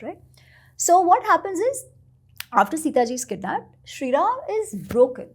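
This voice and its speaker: Animated high-voiced woman. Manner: animated, expressive storytelling. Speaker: guest author. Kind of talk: storytelling in a podcast interview.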